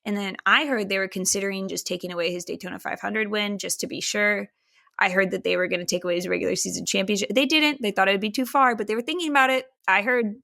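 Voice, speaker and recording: A woman's voice: medium pitch, fairly even intonation, quick pace, gravelly, pushed and bright. A woman co-hosting a podcast in casual chat, swearing freely, laughing often and steering the questions. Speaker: podcast co-host.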